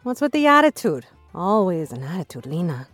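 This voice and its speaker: An actress playing a bossy, overworked mother in an audio drama, scolding and nagging her daughter with exasperated sighs, over soft music. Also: lowish voice, very animated, fairly quick. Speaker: Lena's mother.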